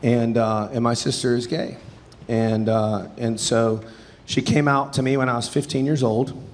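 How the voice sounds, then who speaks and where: His delivery turns flat and measured, the voice mid-range, with a little background noise. He's a stand-up comedian in his thirties telling rambling stories that run himself down, frequently chuckling, before a live theater audience.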